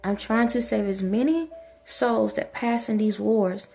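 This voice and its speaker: A woman's voice: mid-range voice, fairly even intonation, unhurried, vocal fry, mellow, soft background music. A woman vlogger giving an impassioned spiritual monologue, repeatedly soothing and urging an unseen listener.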